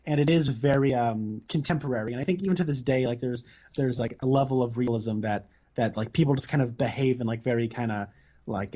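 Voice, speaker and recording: A man's voice: mid-range voice, warm tone. A man co-hosting a podcast, chatting casually about a movie and packing his talk with "like". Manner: filler-heavy, many "like"s. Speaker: podcast co-host. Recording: lo-fi audio.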